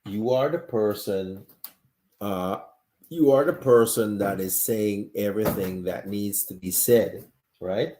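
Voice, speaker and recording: A man's voice: lowish voice, takes it slowly, dark tone, a little hiss or hum. A sick, coughing man hosting a live-streamed talk show, talking earnestly straight to his viewers and often restarting his sentences. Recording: echoey room.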